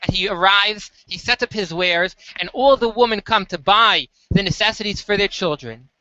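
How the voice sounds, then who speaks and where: Animated storytelling teacher, lo-fi recording. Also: mid-range voice, moderate pace, dry recording. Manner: animated storyteller, acts out the dialogue. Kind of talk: storytelling lesson.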